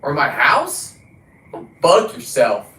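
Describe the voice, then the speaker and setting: A man hosting a livestream, ranting casually and combatively with a lot of swearing, his pitch and volume jumping around. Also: wildly swooping pitch, takes it slowly, sharp tone, reverberant, low-quality recording. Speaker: livestream host. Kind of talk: casual profane rant.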